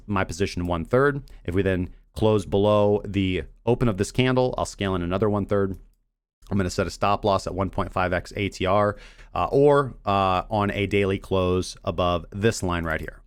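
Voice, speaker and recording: Here the crypto show host speaks in a low, clear, resonant voice, captured as clean studio sound without echo. It's casual livestream trading talk: blunt chart breakdowns and jabs at analysts who stay vague.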